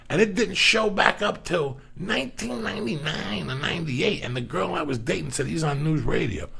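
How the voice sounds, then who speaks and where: A middle-aged man with a deeply gravelly, rough voice spins profane stories as a podcast guest. His delivery swings up and down in a lively way as he curses freely and acts out the people in his tales. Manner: animated, swearing constantly, acting out other voices. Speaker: comedian guest.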